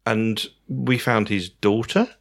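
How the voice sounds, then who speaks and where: A man with an English accent, a radio presenter telling stories in a rambling, casual way with many pauses and restarts. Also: fairly low pitch, fairly even intonation, gravelly. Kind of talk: casual podcast chat.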